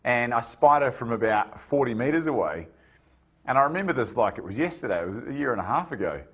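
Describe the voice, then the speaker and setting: A man hosting a podcast, telling stories in a lively, vivid way during a casual conversation. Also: medium pitch, fairly quick, breathy edge. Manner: animated, vivid storyteller. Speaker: podcast host.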